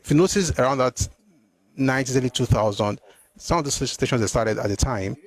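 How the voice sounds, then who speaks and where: A man hosting a live stream, answering viewer comments in an animated, exclamatory way, often repeating himself. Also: medium pitch, brisk. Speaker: host.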